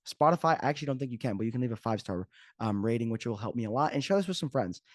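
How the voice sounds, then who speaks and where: A fitness coach hosts his own podcast solo, chatting casually and cracking jokes off the cuff. His medium-pitched voice races along with lively intonation, and the recording is clean studio quality with no echo.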